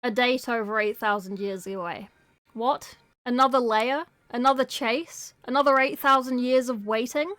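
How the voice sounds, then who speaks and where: A woman's voice: fairly high pitch, normal speed, fairly bright tone. A woman casually reading a novel aloud, with playful, chatty asides. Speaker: book reader.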